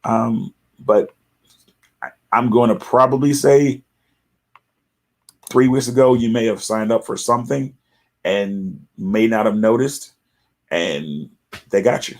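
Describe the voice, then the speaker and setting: A middle-aged man hosting a casual live talk, chatty and animated, sometimes mimicking callers in a raised voice. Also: lowish voice, slow, long pauses. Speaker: host.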